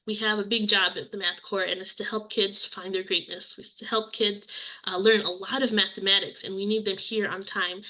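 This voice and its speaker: Bright-voiced earnest woman presenter. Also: medium pitch, fairly even intonation, a little fast, low-quality recording. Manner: earnest, personal, repeats key phrases. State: briefly emotional. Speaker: program presenter. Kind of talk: webinar presentation.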